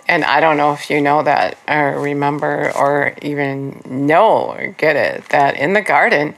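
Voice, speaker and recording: Low-voiced woman teaching the Bible. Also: steady tone, measured pace, hardly any pauses. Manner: conversational, earnest, with frequent fillers. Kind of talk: informal Bible teaching with prayer.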